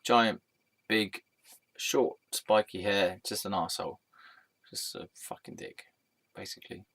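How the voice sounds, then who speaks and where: A man's voice: fairly low pitch, fairly even intonation, measured pace, fairly bright tone. A man telling a personal story in a rambling, sweary way, full of filler words.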